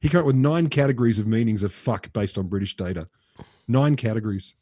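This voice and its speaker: A man's voice: fairly low pitch, fast, dark tone, no room sound. An Australian man co-hosting a casual science podcast, talking with a dry, wry manner and dropping in laughs. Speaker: podcast co-host.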